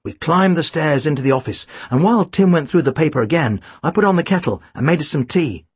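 An audiobook narrator reading a first-person story in a lively, expressive way. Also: mid-range voice, quick pace, breathy edge, no room sound.

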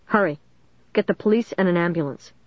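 A woman voicing a cool-headed teenage boy who gives orders in a calm, low voice. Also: a little slow, husky, dry recording. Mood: calm commanding. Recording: dull dry recording.

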